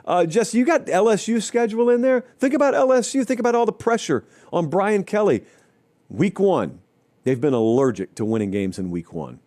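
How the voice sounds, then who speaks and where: A man's voice: high voice, normal speed. A man hosting a college football talk show, talking through the season in an emphatic, wry way with mocking asides. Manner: emphatic, rising to animated stretches when running through schedules. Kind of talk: solo sports talk commentary.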